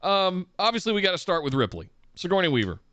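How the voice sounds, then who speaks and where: Casting: easygoing male host, smooth clear voice, very lively delivery. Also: sits high, quick pace, dry recording, highs cut off. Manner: easygoing, laughs often. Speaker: podcast host. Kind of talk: casual chat, reading listener messages.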